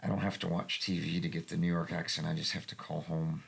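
A man from New England who acts in community theater, talking in a reflective, halting way with frequent restarts in a casual panel discussion. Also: little pitch movement. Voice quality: gravelly, husky low voice.

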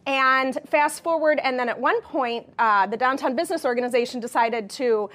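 A woman's voice: high-pitched, moderate pace, a bit bright. A woman who co-owns a shop, chatting cheerfully as a TV interview guest, with frequent ums and uhs.

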